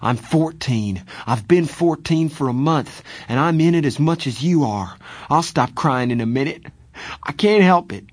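A man reading aloud plays a frightened, homesick fourteen-year-old boy in an audiobook. The voice is pitched up from the reader's own, slightly husky, and bursts into tearful outbursts. The sound is close and dry. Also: big pitch swings, unhurried, no echo. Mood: upset. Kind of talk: audiobook character voice.

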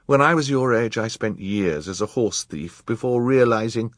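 A man's voice: medium pitch, animated, moderate pace, dry recording, clean studio sound, voice pushed up, close to an everyday voice. A man voicing a righteous older woman judge who speaks earnestly in a storybook reading.

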